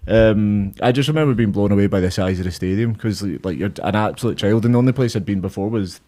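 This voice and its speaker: A man's voice: lowish voice, quick pace, warm tone. A man co-hosting a casual podcast, trading blunt, sweary banter. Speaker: podcast co-host.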